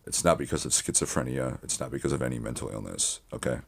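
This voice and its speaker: A man's voice: rumbling low, fast talker, vocal fry, breathy edge. A man hosting a podcast, talking in a meandering casual monologue full of restarts and swearing. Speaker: podcast host.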